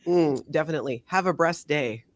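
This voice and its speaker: A woman's voice: sits low, fairly quick, no room sound. A woman hosting a casual livestream chat, joking and laughing often. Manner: giggly, jokey, laughs often. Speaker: host.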